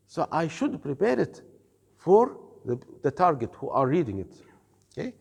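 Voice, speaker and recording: A man's voice: a little high, big pitch swings, creaky, darkish tone, husky, in a large hall. A man teaching an Islamic studies class, explaining carefully, quizzing his students and mixing in Arabic terms. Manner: explains slowly, asks the class questions, mixes in Arabic words. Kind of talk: classroom lecture.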